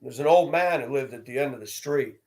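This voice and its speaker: A man's voice: mid-range voice, a little fast, a little mellow. A middle-aged man telling personal stories in a blunt, plainspoken way. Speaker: storyteller host. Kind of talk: personal storytelling monologue.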